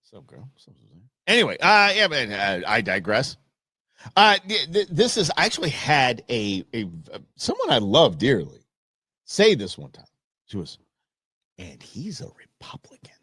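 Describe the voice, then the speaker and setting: A man's voice: mid-range voice, huge pitch swings, normal speed, bright, forceful tone, no echo, clean studio sound. A man hosting a commentary show, reacting to a news clip with sarcastic, heated remarks that swing between mocking outbursts and muttered asides. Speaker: host.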